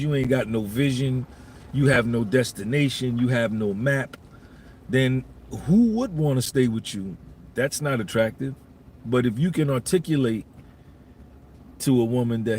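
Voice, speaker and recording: A man's voice: mid-range voice, a little slow, a little hiss or hum. A man hosting a live podcast, giving a blunt, profane monologue and repeating his points for emphasis. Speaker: podcast host.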